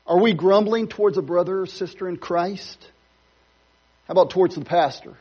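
A man's voice: sits high, normal speed, a little mellow, slightly rough, highs cut off. A man pastor preaching a sermon in a church, conversational with playful asides. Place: church sanctuary.

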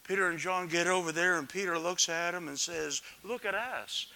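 A man preaching a sermon dramatically, swinging from loud calls to hushed near-whispers and putting questions to the congregation. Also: fairly high pitch, steady tone, brisk, gravelly.

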